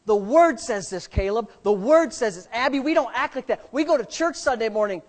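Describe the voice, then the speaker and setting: An animated, middle-aged pastor preaches at a fairly quick clip, swinging between quiet, low asides and loud, fervent shouting.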